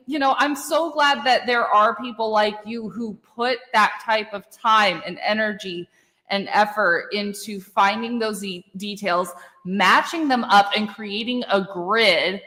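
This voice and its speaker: A woman's voice: mid-range voice, pushed and bright, in a large hall. A woman hosting a casual true-crime chat, effusive and blunt, swearing casually. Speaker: podcast host.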